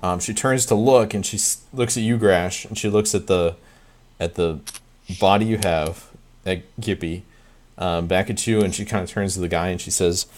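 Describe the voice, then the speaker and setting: A man narrating as game master, halting and full of ums and restarts. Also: low-pitched, slight background noise.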